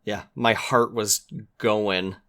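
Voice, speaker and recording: Low-voiced man chatting as guest. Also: fairly even intonation, takes it slowly, bright, forceful tone. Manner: earnest, enthusiastic, acts out quoted lines. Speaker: podcast guest. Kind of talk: casual chat.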